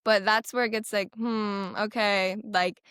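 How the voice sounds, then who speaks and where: A woman's voice: medium pitch, a little slow, clear, resonant tone, no room sound, clean studio sound. A young woman, a heart patient and interview guest, talking emotionally and on the edge of tears, with lots of fillers. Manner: tearful, animated, many "like" fillers, acts out quoted doctors. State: teary.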